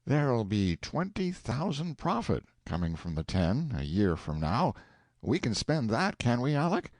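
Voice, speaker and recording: A man's voice: mid-range voice, big pitch swings, a little slow, darkish tone, no room sound, voice pushed up. A man voicing an eager, impatient middle-aged husband in an audiobook, full of folksy exclamations. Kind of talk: audiobook character voice.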